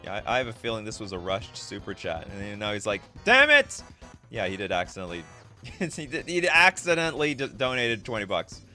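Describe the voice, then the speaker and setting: A man's voice: lowish voice, quick pace, pushed and bright, faint music behind. A man streaming live, reading viewer requests in casual, self-mocking chat, laughing often.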